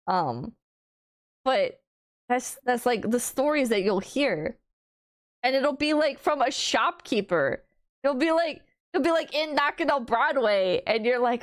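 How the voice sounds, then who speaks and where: A high-pitched woman from the United States chatting casually on a stream. She rambles and swears, and she keeps jumping into loud, incredulous disbelief. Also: lively intonation, unhurried. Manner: rambling, profane, exasperated mock disbelief with laughing outbursts. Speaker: VTuber streamer.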